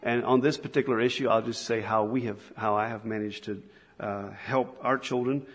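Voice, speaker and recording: A man's voice: on the low side, fairly even intonation, moderate pace. A middle-aged man preaching a sermon to fathers in an earnest, conversational way, often restarting his sentences. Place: church hall. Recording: husky voice in a long-reverb hall.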